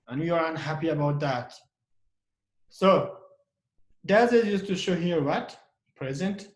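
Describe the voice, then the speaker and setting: A male English teacher runs an animated but unhurried grammar lesson in a slightly raised, high-side voice, with long pauses and echo all around. He questions the class and answers himself, repeating example sentences and stressing them.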